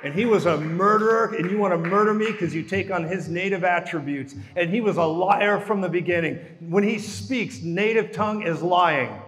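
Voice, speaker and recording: A man preaching a sermon, telling the story in an animated way and acting out the dialogue with sudden swings in loudness. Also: sits high, normal speed, few pauses, in a large hall.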